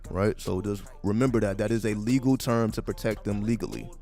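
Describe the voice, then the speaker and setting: A man with a fairly low voice riffs through a casual livestream, swearing freely and tossing out sarcastic questions again and again. Faint music plays beneath him. His talk is loose and repetitive, and he keeps circling back to "right?". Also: a little fast, warm tone. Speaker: livestream commentator. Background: faint background music.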